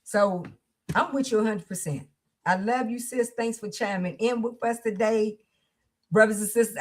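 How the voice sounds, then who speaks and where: A woman hosting a livestream support circle, speaking in a fervent, preacher-like way. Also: a little high. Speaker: host. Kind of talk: livestream talk.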